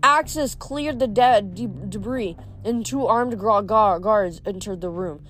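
A woman's voice: medium pitch, slow pace, fairly bright tone, a little hiss or hum. A woman reading chapters of a novel aloud, often stumbling over words and restarting. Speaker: reader.

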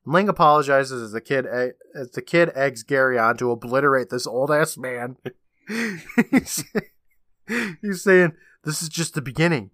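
A man with a bright, forceful voice, recapping an episode for his podcast co-host. He talks casually and animatedly and laughs a lot. The sound is close and dry, with no room around it. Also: mid-range voice, normal speed, dry recording. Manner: animated retelling, laughing often.

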